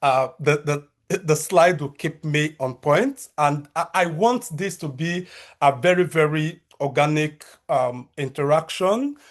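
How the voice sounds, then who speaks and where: A man in his thirties with a Nigerian accent, a researcher and lecturer giving a measured conference talk over a video call, with frequent fillers and restarts. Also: fairly high pitch.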